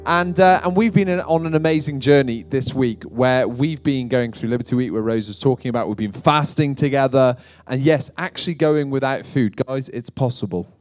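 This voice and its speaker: British pastor with a chatty, joking delivery. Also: male voice, mid-range voice, moderate pace, few pauses, a little mellow, no room sound, soft background music. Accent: British English. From Britain. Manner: chatty, self-deprecating storytelling with asides to the congregation. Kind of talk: humorous sermon.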